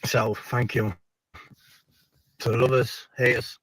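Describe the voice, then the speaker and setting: A man's voice: medium pitch, flat delivery, takes it slowly, fairly bright tone, dry recording, rough recording. A man speaking in a clip, boastful and rambling, thanking viewers and swearing when heated.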